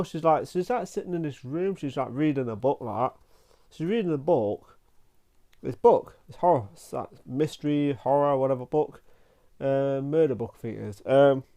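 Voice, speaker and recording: A man giving a casual spoken film review, rambling and halting, often restarting his sentences and filling them with "like". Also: a little high, mellow.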